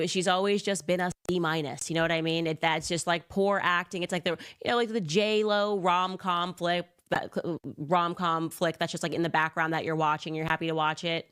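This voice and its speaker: Woman host, mocking commentary, casual delivery, lower register. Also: steady tone, a little fast, few pauses, a bit bright, smooth. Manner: sarcastic, casual, filler-heavy.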